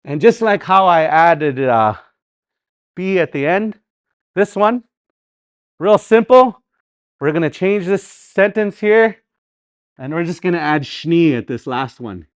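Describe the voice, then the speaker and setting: A man with a Canadian Dakota community accent leads a live language class, talking in a relaxed, conversational way. His voice sits a little high, and he repeats example words patiently and drifts into friendly asides. The sound is dry and close, with no room around it. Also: slow pace, pauses often, dry recording. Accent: Canadian Dakota community English. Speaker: language teacher.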